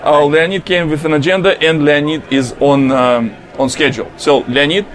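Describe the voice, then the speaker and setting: A man with a Russian accent hosting a casual podcast chat from a booth at a conference, talking haltingly with many fillers. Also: fairly high pitch, fairly even intonation. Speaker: podcast host.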